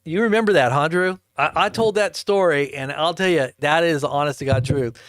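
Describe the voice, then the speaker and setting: A man with a slightly high voice tells a long, rambling story and chats with his viewers live. He often repeats and restarts himself and laughs between lines. The sound is close and dry. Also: normal speed, a bit bright, no room sound. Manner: rambling, chuckling, addresses viewers directly. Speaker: livestream host. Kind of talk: casual storytelling to a live chat.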